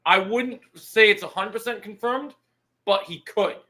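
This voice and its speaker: A man's voice: high voice, measured pace, pushed and bright, rough recording. A man hosting a casual live stream, answering chat in an easygoing way.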